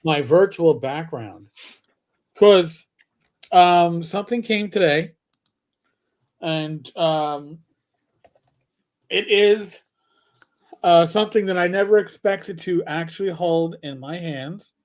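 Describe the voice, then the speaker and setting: A man's voice: fairly high pitch, slow, pauses often. Older male host, casual stream chat, rambling, profane, jokey. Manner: profane, rambling, animated joker.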